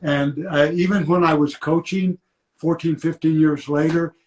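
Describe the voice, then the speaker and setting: A man's voice: a little high, steady tone, a little slow, low-quality recording. An older man, a former football player, telling rambling, self-correcting stories in an interview. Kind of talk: storytelling in an interview.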